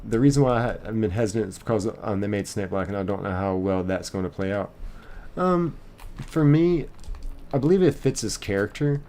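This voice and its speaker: A man's voice: fairly low pitch, animated, brisk, dark tone. A young man hosting a live stream, casually reading viewer comments aloud and rambling with lots of fillers. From United States.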